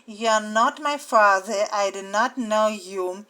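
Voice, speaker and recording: A woman reading the lines of a proud young boy king who gives orders, in a slow, measured reading. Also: mid-range voice, pushed and bright. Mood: commanding.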